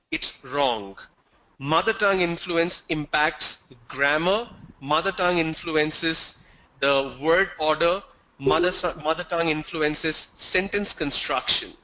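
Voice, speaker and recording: A man's voice: a little high, pushed and bright, poor audio. A man teaching an online English class over a video call, quizzing students and joking with them. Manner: asks the class questions, teasing and joking. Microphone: video call mic.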